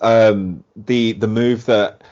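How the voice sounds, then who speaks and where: A man guesting on a podcast in casual chat, animated and rambling, with lots of "like". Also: fairly low pitch, slow. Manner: animated, rambling, heavy use of "like". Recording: dull lo-fi podcast audio.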